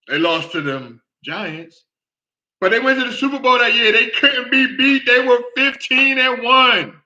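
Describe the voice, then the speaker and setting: A man hosting a casual sports talk show, with a high, very bright voice. He talks in an animated way, repeats himself and keeps checking in with the listener. The recording sounds dull and lo-fi.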